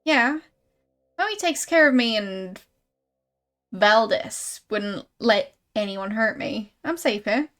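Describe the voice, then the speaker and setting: A woman's voice: on the high side, animated, slow, fairly bright tone, faint music behind, voice pushed down. A woman reading the lines of a small girl who pretends to be a cat, in a playful, chirpy manner.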